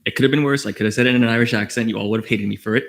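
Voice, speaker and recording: A young man rattles off a committee report at a quick clip, slipping in jokes and trivia. His tone is playful and chatty, and his voice sits at a middling pitch. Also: fairly even intonation, gravelly. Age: young adult. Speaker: committee chair giving a report. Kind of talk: jokey committee report at a student meeting.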